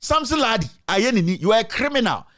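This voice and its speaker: A man's voice: sits high, big pitch swings, quick pace, fairly bright tone. A man hosting a commentary show, mocking and mixing English with Twi. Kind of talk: live commentary.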